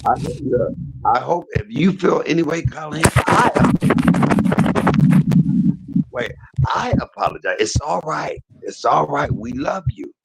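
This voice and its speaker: Gravelly man preaching from a hospice bed. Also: on the high side, expressive, takes it slowly, pauses often, background noise. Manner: gravelly, husky voice, preachy and emphatic. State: in pain. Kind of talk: casual preaching talk. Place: hospice room.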